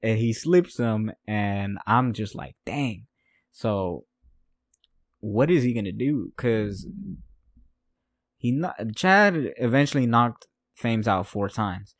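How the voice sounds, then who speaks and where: A man's voice: fairly low pitch, lively intonation, slow pace, no room sound, clean studio sound. A man hosting a podcast, recapping a fight in casual chat, rambling, repeating himself and laughing at his notes. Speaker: podcast host.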